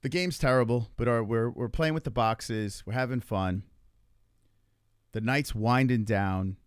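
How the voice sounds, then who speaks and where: A man's voice: mid-range voice, a little slow, clean tone, no echo, studio quality. A male podcast host telling stories in a casual, rambling way and swearing freely. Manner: animated, swears freely, loose rambling retelling. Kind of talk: casual storytelling chat.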